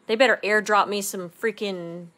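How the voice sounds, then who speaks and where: A woman's voice: medium pitch, sharp tone. A woman co-hosting a craft livestream, chatting casually, laughing often and reading viewer comments aloud. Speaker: craft channel co-host.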